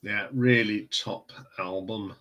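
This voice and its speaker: A man's voice: lowish voice, steady tone, takes it slowly, a bit bright. A man hosting a live stream, chatting casually about records and answering viewer comments in a rambling way. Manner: chatty, rambling, chuckles often.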